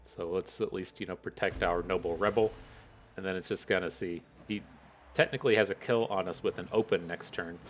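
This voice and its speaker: Low-voiced man musing over a card game. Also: fairly even intonation, a little fast, a little hiss or hum. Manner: thinks out loud, analytical and wry. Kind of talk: casual gameplay commentary.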